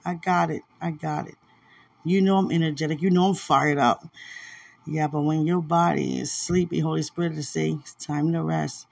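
A woman hosting a podcast, chatting casually and tenderly about faith while sounding sleepy, soft-spoken and given to small laughs. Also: sits low, fairly even intonation, moderate pace, gravelly. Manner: soft, drowsy and affectionate, with frequent laughs. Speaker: podcast host. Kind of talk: casual faith-filled chat.

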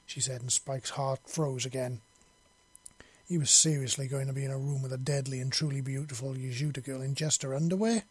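Husky man narrating a story. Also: medium pitch, fairly even intonation, brisk, no echo.

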